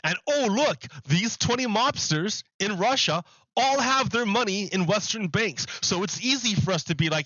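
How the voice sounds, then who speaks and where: A man streaming a video game, chatting casually in a rambling, animated way and restarting his sentences often. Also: high-pitched, normal speed, dry recording, dull audio. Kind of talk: casual chat while gaming.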